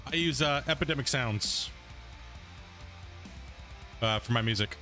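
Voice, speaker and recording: Faint music plays behind a man live streaming a game, chatting casually and rambling with fillers like "man" and "right." He speaks unhurriedly in a medium-pitched, sharp-toned voice, sometimes talking between bites of food.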